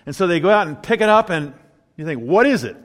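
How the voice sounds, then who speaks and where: A man preaching a sermon in a conversational way, swinging between quiet, low asides and emphatic, rising points. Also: fast talker. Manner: conversational preaching, drops to a low murmur then rises emphatically. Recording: long hall reverb.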